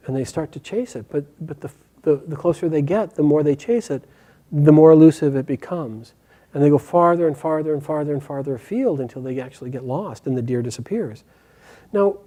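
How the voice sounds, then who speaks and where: A man's voice: a little high, warm tone. A man casually retelling an epic story in a conversational way, often repeating and restarting phrases.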